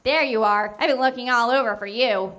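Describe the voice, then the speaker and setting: A woman's voice: a little high, brisk, a bit bright, lightly acted. A woman voicing a bossy, scheming cartoon girl who speaks in a sly, falsely sweet way.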